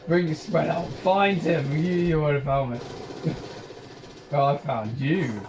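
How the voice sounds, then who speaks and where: A man's voice: on the high side, fairly even intonation, slow pace, noisy background. A British man giving rambling, jokey gameplay commentary, describing himself as a dull talker. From Britain. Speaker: gaming channel host.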